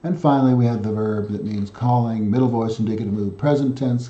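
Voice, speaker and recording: A man with a low, very mellow voice talks through a grammar lesson, spelling out each form slowly and carefully and pausing often. The sound is dull and boomy, as if recorded in a bare room. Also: echoey room. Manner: methodical, spells out letters one by one with frequent pauses. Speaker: self-taught Greek lesson presenter.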